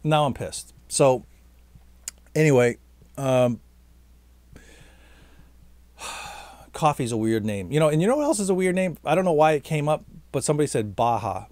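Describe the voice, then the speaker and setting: A man's voice: fairly high pitch, expressive, normal speed, pauses often, a little mellow, no room sound. A tired man, a vlogger and stage actor, rambling to camera in a chatty, self-mocking way and talking on past his own sign-off. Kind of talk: rambling casual monologue to camera.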